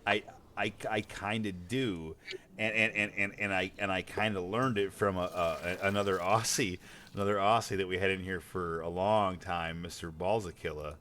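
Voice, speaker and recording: A man's voice: deep voice, fairly even intonation, moderate pace, pushed and bright, a little hiss or hum. An American man streaming a game, chatting casually, rambling with repeated words and cursing freely. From United States. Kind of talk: casual gaming chat.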